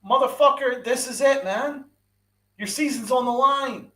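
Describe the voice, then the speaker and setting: Very high-pitched yet unhurried, this man's bright, forceful voice carries an angry sports rant on his podcast with live chat. He swears, repeats himself, and peppers his listeners with rhetorical questions.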